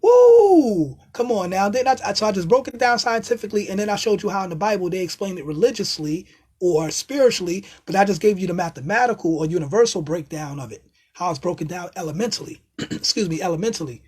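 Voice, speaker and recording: A man giving a casual spiritual lecture in loose, streetwise talk, emphatic and excitable, now and then bursting into loud exclamations and cursing. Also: high voice, quick pace, husky. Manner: loose, streetwise phrasing with many asides. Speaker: self-styled spiritual teacher.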